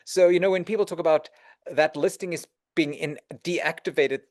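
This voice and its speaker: A middle-aged man speaking as an interview guest, giving advice and acting out quoted exchanges. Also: moderate pace. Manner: animated, acts out quoted dialogue with shifts in pitch. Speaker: interview guest, real estate executive.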